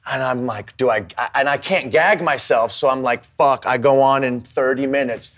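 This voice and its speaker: A man's voice: mid-range voice, moderate pace. A man telling a rambling, profane story in casual chat, acting out the people in it. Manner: animated, swearing, acts out his story. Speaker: comedian and rapper guest.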